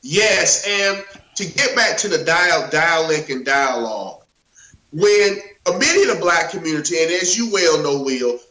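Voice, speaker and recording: A man's voice: a little high, animated, measured pace, bright, forceful tone. A man co-hosting a political talk show in casual discussion, emphatic and repeating himself as he searches for words. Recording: roomy echo.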